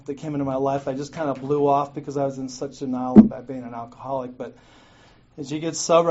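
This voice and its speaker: A man's voice: mid-range voice, a little mellow. A middle-aged man telling his own recovery story to a meeting, candid and profane, often laughing at himself. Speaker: guest speaker at a recovery meeting. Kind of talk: personal recovery story told to a group. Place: meeting room. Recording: muffled lo-fi recording with clear noise.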